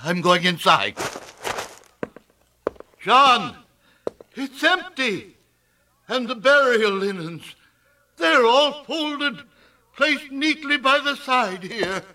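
A man playing an impulsive disciple in a radio drama, urgent and excited. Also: very high voice, extremely slow, pauses often, far from the mic, exaggerated voice. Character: eager impulsive disciple, Peter.

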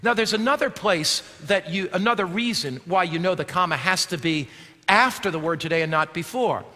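A man preaching a sermon in a high, bright, forceful voice. He swings from loud declaiming down to a hushed near-whisper and throws rhetorical questions at his listeners. The long reverb of a big hall trails his words. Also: a little fast. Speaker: pastor.

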